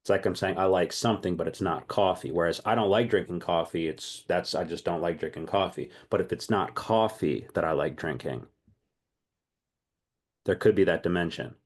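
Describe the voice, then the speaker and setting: A man leading an online language class, lively and thinking aloud, often repeating himself. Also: low-pitched, normal speed. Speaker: language teacher.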